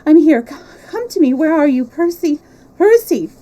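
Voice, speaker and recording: A woman voicing a hysterical young noblewoman who shrieks, high and loud. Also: lively intonation, normal speed. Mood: frantic.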